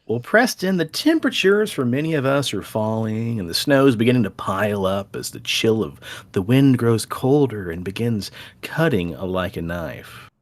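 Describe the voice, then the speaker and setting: A man's voice: fairly low pitch, animated, moderate pace, dry recording. This man co-hosts a podcast in an easygoing, joking way and keeps ribbing his friend. His voice moves up and down freely. The microphone sound is dry and close, with no room in it. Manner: joking, teasing, calls his co-host buddy. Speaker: podcast co-host. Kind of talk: casual podcast banter.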